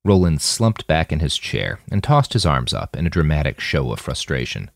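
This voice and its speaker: A man narrating his own fiction with an expressive reading. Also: rumbling low, normal speed, gravelly, no room sound, clean studio sound. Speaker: author and narrator.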